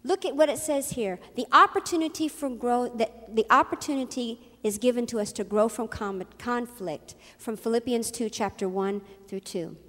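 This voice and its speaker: Woman pastor preaching, high voice, lots of echo like a big church hall. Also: normal speed, hardly any pauses, a bit bright. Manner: emphatic preaching with acted-out quotes. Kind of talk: sermon.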